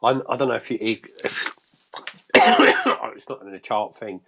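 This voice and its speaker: A man's voice: mid-range voice, huge pitch swings, slow pace, vocal fry, sharp tone, breathy edge. A man joining a live online show as a guest by phone, talking in a rambling, chatty way with many restarts. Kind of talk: casual chat on a live show.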